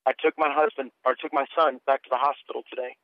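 A male minister appearing as a guest, medium-pitched and quick, gives fervent testimony and prophetic ministry, his fairly even intonation rising in earnest, preacher-like waves as he tells his story with heartfelt urgency. The audio is thin and boxed in like a phone line, dry and close, with no room sound.

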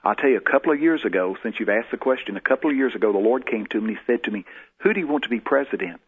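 A man's voice: on the low side, racing, breathy edge. A man, a guest in an interview, telling personal stories in a folksy way and acting out the voices he quotes. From Texas. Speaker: guest prophet. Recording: tinny phone-like lo-fi sound.

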